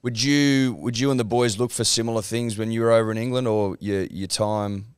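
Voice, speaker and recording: Smooth-voiced male host. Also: on the low side, fairly even intonation, fairly quick. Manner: conversational, hesitant questioning. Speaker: interview host. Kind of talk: casual interview.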